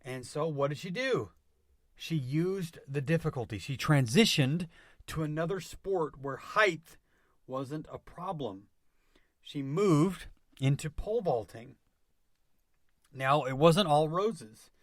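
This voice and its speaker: A man hosting a motivational podcast, speaking with energetic emphasis and returning to catchphrases again and again. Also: a little high, takes it slowly, no room sound, clean studio sound. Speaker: podcast host.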